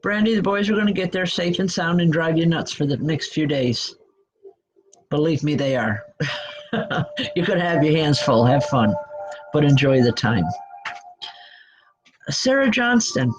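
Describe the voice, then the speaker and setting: A woman medium giving a live spirit reading online. Her speech is halting and stop-start, full of restarts, as she hands on messages gently. She keeps reassuring the people she is reading for. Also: deep voice, animated, husky, faint music behind, low-quality recording.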